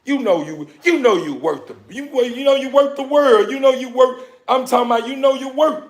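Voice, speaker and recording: Fired-up man with a gravelly, high voice. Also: brisk. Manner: preachy, repetitive, fired-up street talk. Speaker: dog breeder vlogger. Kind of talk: casual motivational talk to camera.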